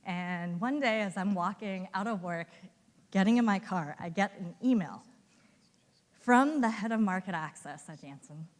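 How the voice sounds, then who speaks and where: A woman giving a conference talk as an animated storyteller who acts out the voices of colleagues she quotes. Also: medium pitch, moderate pace, long reverb tail. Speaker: conference speaker. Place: hotel conference ballroom.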